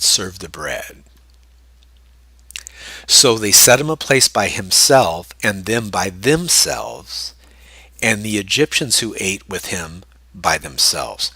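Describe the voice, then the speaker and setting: Forceful man leading a Bible study. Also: low voice, husky, dry recording. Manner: animated asides, chuckles while explaining. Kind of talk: reading scripture with casual commentary.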